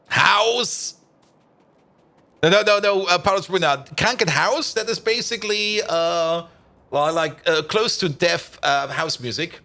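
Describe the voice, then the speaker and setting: A man's voice: fairly high pitch, steady tone, moderate pace, creaky, bright, forceful tone. A man giving casual, rambling commentary as he streams a building game, thinking aloud and chatting with viewers, full of "like" and "uh". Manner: thinks aloud while building, answers chat.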